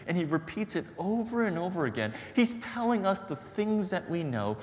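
A man's voice: sits high, very animated, normal speed, hardly any pauses, a little mellow, big-room sound. A man preaching a sermon as pastor, earnest and storytelling, repeating phrases for emphasis.

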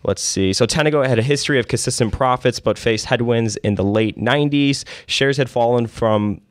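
A man's voice: medium pitch, brisk, no echo. A man hosting a podcast, chatting casually and telling stories with plenty of fillers. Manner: conversational, storytelling with many fillers. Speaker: podcast host. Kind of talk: casual investing podcast chat.

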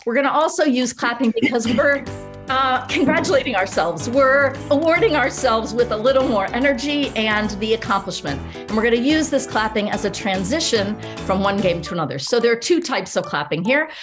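A woman's voice: fairly high pitch, lively intonation, brisk, music in the background. A woman leading a group laughter session, coaching in an upbeat way and often laughing as she talks.

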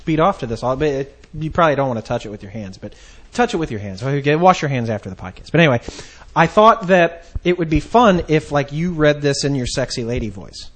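A man in his thirties hosting a podcast, telling a story in a rambling, halting way with many restarts. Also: fairly high pitch, expressive. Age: 30s. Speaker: podcast host. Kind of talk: casual podcast chat.

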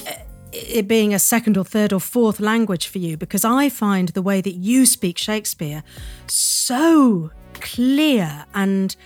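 A woman's voice: mid-range voice, lively intonation, a little slow, a little mellow, no room sound. A woman hosting a radio interview, speaking to her guest in an effusive, admiring way and then introducing music. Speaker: host, former director.

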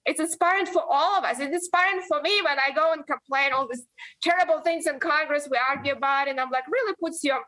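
A woman in her forties answering interview questions earnestly, often halting and restarting her sentences. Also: high voice, sharp tone. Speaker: guest, member of Congress.

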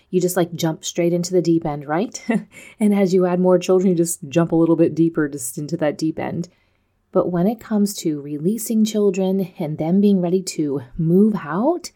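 Warm-voiced chatty woman podcaster. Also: mid-range voice. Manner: chatty, self-deprecating, quick to laugh. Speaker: podcast host. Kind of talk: candid personal monologue.

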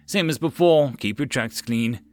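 A man doing a calm team leader. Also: medium pitch, normal speed, lightly acted. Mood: quiet. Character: adult male team leader, calm and careful.

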